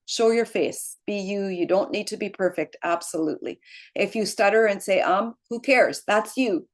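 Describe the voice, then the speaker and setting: A middle-aged woman speaks to her team in an easygoing, encouraging way. She talks conversationally, checks in with a quick "right?" and laughs often. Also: medium pitch. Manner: encouraging, frequent "right?" tags, laughs easily. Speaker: team leader. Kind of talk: motivational team call.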